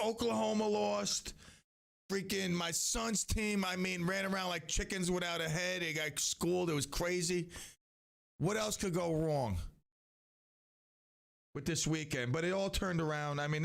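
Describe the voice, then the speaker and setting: Middle-aged male stream host, gravelly and slightly hoarse, pitched a touch high, rambling casual chat. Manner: rambling, animated, self-interrupting with restarts. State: voice slightly rough from yelling. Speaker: live stream host and youth sports coach.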